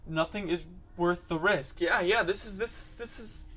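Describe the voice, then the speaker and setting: A man reacting to a horror video with his voice pitched slightly high. He is panicky and keeps blurting the same exclamations over and over. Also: unhurried, fairly bright tone, breathy edge. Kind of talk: reaction commentary.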